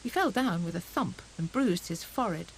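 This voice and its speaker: A woman narrating a children's storybook audiobook in a gentle, expressive storytelling manner. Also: fairly low pitch, moderate pace, slight background noise, low-quality recording.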